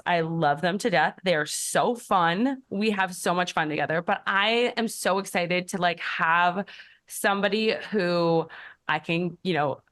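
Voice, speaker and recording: A woman in her thirties, a podcast host and health coach, answering questions in a candid, reflective way, with many fillers and lively storytelling. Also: on the low side. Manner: candid and reflective, many "like" fillers, animated when telling stories. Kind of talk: casual conversational podcast answers.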